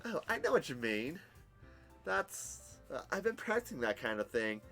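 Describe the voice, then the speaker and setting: A man voicing a sweet, cheerful teenage girl with a soft, squeaky voice for a game. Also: big pitch swings, moderate pace, vocal fry, soft background music, exaggerated voice. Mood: shy. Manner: soft, gentle delivery.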